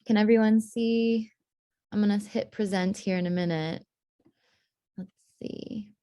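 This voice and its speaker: A woman's voice: medium pitch, steady tone, measured pace, dark tone, no echo. A young woman, a tree historian, presenting casually on a video call, chatty and full of fillers and small laughs. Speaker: tree historian giving a talk.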